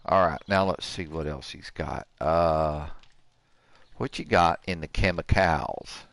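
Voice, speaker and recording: Lively jokey man in his sixties. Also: low-pitched, slow pace, no echo. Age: 60s. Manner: jokey, trash-talks the characters. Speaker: gaming channel host. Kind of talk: let's play commentary.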